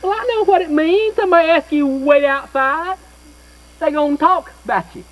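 A man's voice: very high-pitched, moderate pace, fairly bright tone, rough recording. An actor playing a folksy old-time circuit-riding preacher who stutters, telling his story in a live sermon to a church audience. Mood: homespun storytelling. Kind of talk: live first-person character sermon.

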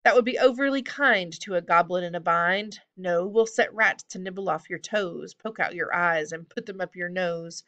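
A tiny, cranky male brownie who spits out his threats in rhyming verse, lifting his voice a little and leaning in hard before it sinks low and quiet, as a woman reading a storybook puts him on. The tone is bright and crisp. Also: moderate pace, hardly any pauses, lo-fi sound. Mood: menacing. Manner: speaks in rhyming couplets.

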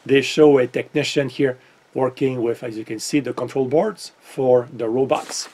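A man with a French accent giving a casual, exasperated tech-vlog commentary, thinking out loud in disbelief. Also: medium pitch, fairly even intonation, moderate pace. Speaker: tech vlogger.

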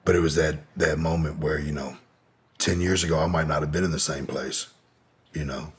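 Deep raspy dude, talking frank and swearing a lot, lots of ums, very low voice. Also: male voice, steady tone, normal speed. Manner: candid, profane, many fillers. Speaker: guest. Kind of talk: casual storytelling.

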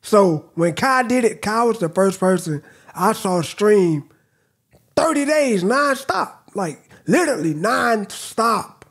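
A young man with a high voice talks in an unhurried drawl as he reacts to a video. His commentary is casual and amused, and his remarks stretch out slowly. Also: expressive, a bit bright, slightly rough. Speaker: reaction channel host.

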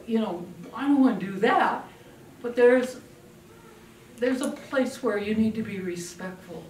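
Older woman, parenting speaker, lively storyteller; distant mic in an echoey room with faint noise behind. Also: on the high side. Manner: lively storytelling, acting out quoted family voices. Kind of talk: talk to an audience.

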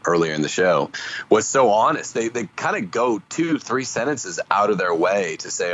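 A man co-hosting a podcast, chatting casually and chiming in with quick agreement. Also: fairly low pitch, sing-song, muffled recording. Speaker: podcast co-host. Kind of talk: casual discussion.

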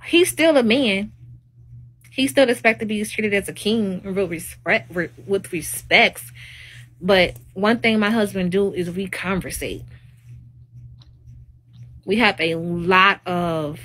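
A woman speaks straight to her live-stream audience in a casual, opinionated monologue. Her voice is bright and sharp-edged, set at a middling pitch. She talks emphatically and preachily, and her exclamations climb upward. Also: slow pace, pauses often.

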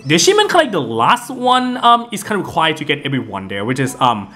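Male gameplay commentator, slightly high voice, rambling casual delivery with frequent restarts. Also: wildly swooping pitch, a little fast, sharp tone. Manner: rambling with many fillers and restarts. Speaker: gaming video host. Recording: game music in the background.

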